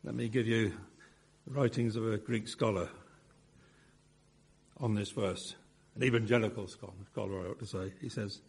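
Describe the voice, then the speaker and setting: A man preaching an expository sermon, with measured phrasing and emphatic repetition. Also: fairly low pitch, steady tone, breathy edge.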